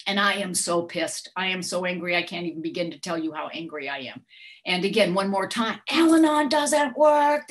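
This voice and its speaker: Middle-aged woman with a lowish voice, talking openly through her recovery story. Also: fairly bright tone. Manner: candid, storytelling with acted-out outbursts. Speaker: workshop speaker sharing her story. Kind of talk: personal recovery share.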